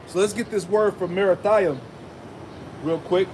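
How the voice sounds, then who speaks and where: Emphatic male street preacher, high pitch, outdoor traffic noise behind him. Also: fairly even intonation, a little slow. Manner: emphatic, asks rhetorical "right?" and "man" often. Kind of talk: street sermon with scripture reading.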